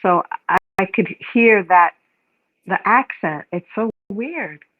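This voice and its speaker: A woman's voice: mid-range voice, animated, slow, dry recording. A woman calling in for casual chat, giggly and agreeable, with hesitant restarts. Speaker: caller. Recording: tinny, dry phone line.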